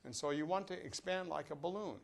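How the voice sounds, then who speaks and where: A man's voice: a little high, brisk, vocal fry. An older man teaching a brass master class, leading students through breathing exercises with jokes and direct coaching. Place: classroom or rehearsal room with a live audience.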